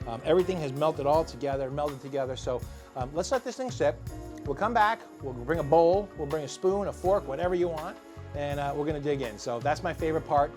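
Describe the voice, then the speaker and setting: A man's voice: fairly high pitch, brisk, music in the background. Chatty middle-aged man hosting a grill show. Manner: chatty, upbeat, jokey. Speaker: grill cooking show host. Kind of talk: casual cooking demo to camera. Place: outdoors by a grill.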